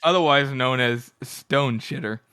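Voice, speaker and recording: A man's voice: medium pitch, bright, forceful tone, clear, resonant tone, no room sound, studio quality. A man co-hosting a casual book chat podcast, laughing through his words and swearing freely. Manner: giggly, profane, halting with fillers. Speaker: podcast co-host.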